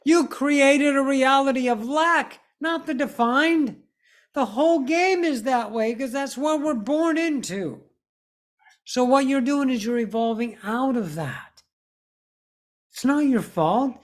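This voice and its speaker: A woman's voice: sits high, slow. Blunt, profane woman giving a spiritual talk. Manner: blunt and profane, repeating words for emphasis. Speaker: spiritual teacher. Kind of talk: spiritual teaching monologue.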